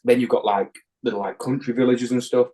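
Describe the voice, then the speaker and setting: A man's voice: medium pitch, steady tone, brisk, mellow. Rambling sweary man chatting. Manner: rambling, sweary, trailing off mid-sentence. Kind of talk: casual podcast chat.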